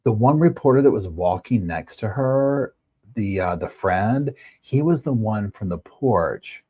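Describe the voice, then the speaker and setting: Male live-stream host, deep husky voice, casual running commentary. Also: lively intonation, measured pace, mellow. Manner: chatty, reads out viewer comments and news statements. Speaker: host of a live true-crime chat stream.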